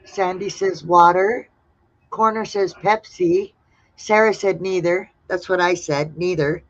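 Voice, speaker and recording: A woman hosting a casual livestream, reading out viewers' answers one by one in a relaxed way. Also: on the low side, a little slow. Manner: relaxed, reads out chat replies one by one. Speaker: livestream host. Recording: dull lo-fi sound.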